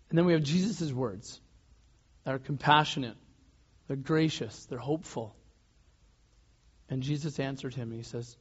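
A man preaching a sermon as pastor, in a loose conversational way with restarts and soft laughs. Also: medium pitch, normal speed, long pauses, husky. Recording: dull lo-fi sound.

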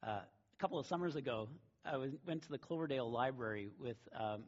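A middle-aged man delivers a sermon in a casual, storytelling manner, his voice a bit husky and breathy. The recording sounds dull and lo-fi. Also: medium pitch, expressive, brisk. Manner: conversational storytelling with a warm laugh. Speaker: pastor.

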